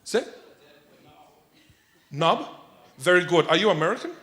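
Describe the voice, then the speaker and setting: A man's voice: high voice, very animated, unhurried, sharp tone. A man giving a conference keynote, playful and jokey, quizzing the audience as he goes. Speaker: keynote speaker.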